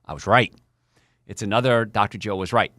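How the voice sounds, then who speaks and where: An older man, a doctor hosting a health talk show, speaking in an animated, chatty way straight to his listeners. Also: lowish voice, brisk, dry recording, studio quality. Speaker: doctor and podcast host.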